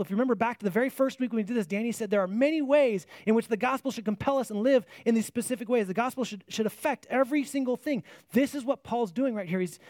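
High-voiced man preaching a sermon. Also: darkish tone, dry recording, clean studio sound. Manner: earnest, repeats words as he restarts phrases; asks the listeners rhetorical questions.

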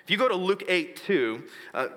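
Man, pastor, sermon, bright tone, long church reverb, hushed storytelling passages. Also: high voice, big pitch swings, normal speed. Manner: storytelling preacher, retells scripture scenes in a hushed voice.

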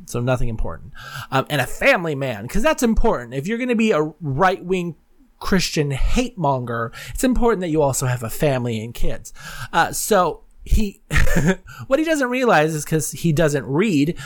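Excitable gossipy podcast host. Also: medium pitch. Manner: excitable, gossipy and profane, with quick asides. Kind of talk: solo gossip podcast news rundown.

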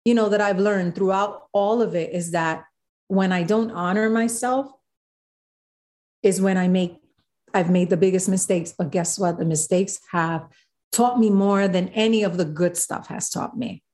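A woman, a guest in an interview, telling a story with animated quoted voices. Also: mid-range voice, measured pace. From South Bronx, New York. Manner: animated, acts out quotes of others.

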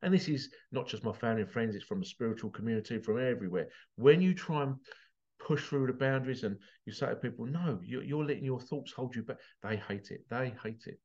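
A man's voice: mid-range voice, a little fast, darkish tone, dull audio. A man giving an emotional motivational talk, passionate and swearing, his voice breaking as he gets teary. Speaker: motivational vlogger.

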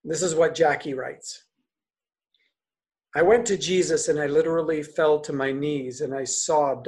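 A man's voice: fairly high pitch, steady tone, a little mellow. A male pastor tells a story from the pulpit in a casual, heartfelt way. His voice sits slightly above the usual male range. He often stumbles and restarts a phrase mid-thought. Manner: earnest, conversational, with halting restarts. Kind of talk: sermon storytelling.

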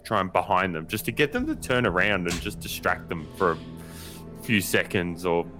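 A man's voice: low voice, big pitch swings, moderate pace, bright, forceful tone, soft background music. A man playing a tabletop game, chatting casually and joking. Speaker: player.

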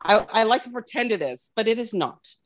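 A woman's voice: fairly high pitch, lively intonation, fairly quick, noisy background. A woman hosting a casual podcast, opening the show, joking about herself and introducing her guest. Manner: friendly, self-deprecating host banter. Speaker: podcast host.

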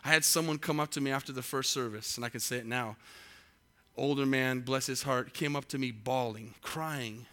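A man's voice: medium pitch, moderate pace, a bit bright. A middle-aged male pastor preaching a sermon, asking the congregation rhetorical questions and building in intensity.

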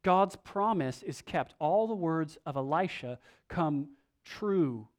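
A man preaching a sermon, his voice sitting a little above the usual male range. He reads scripture aloud and swings between emphatic, drawn-out lines and softer, hushed asides. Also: a little high, lively intonation. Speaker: pastor.

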